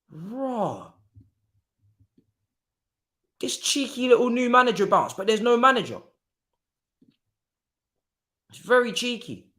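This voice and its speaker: A man's voice: extremely high pitch, big pitch swings, slow pace, pauses often, pushed and bright. A young man streaming a live football watchalong, talking in slangy, exclamatory bursts and muttering asides to himself.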